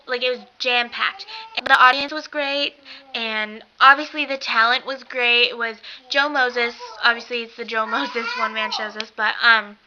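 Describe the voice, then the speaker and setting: A young woman excitedly gushing in a casual vlog, rambling with lots of fillers. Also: sits high. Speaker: vlogger. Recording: dull lo-fi webcam sound with faint hiss.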